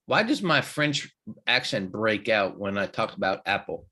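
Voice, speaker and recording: Slow-talking folksy man. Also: on the low side, very animated, pushed and bright. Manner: folksy, chatty, loose with fillers. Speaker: trading show host. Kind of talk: live market commentary.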